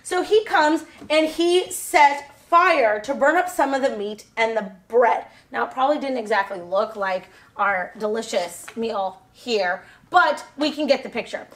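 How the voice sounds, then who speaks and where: A woman's voice: a little high, expressive, a little slow, few pauses. A woman retelling a Bible story for children in a casual, rambling way, with lots of fillers and self-corrections.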